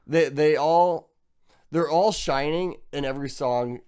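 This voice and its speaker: A man co-hosting a casual podcast chat, easygoing and quick to laugh. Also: fairly high pitch, a little mellow, smooth. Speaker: podcast co-host and band member.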